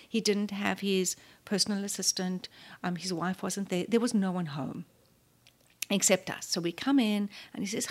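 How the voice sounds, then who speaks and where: A woman's voice: mid-range voice, fairly even intonation, normal speed. A woman in her fifties from South Africa with a South African accent, a guest in an interview who tells her story with animation and often drops to a near-whisper.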